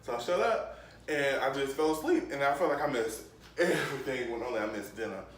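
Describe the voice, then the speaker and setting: Animated laughing storyteller guy. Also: mid-range voice, fairly quick. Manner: animated, laughing, acts out the scenes. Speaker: vlogger. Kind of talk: casual storytime. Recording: echoey room, mic at a distance, faint noise.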